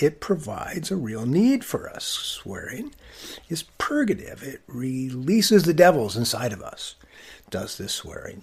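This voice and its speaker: Wry, husky man telling a story. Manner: wry, conversational, with emphatic swings in pitch and loudness. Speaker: podcast host. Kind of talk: personal storytelling monologue.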